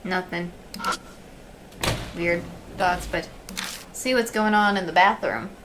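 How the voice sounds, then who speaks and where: A woman plays a game on stream, chatting casually, thinking out loud and reading the game's text, quiet and murmuring as she explores. Her voice is fairly low and slow, with game music and other noise behind her.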